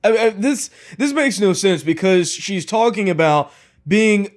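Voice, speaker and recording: A man's voice: sits high, animated, measured pace. A man hosting a reaction commentary, talking in an incredulous, mocking way and often repeating himself. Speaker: commentary host.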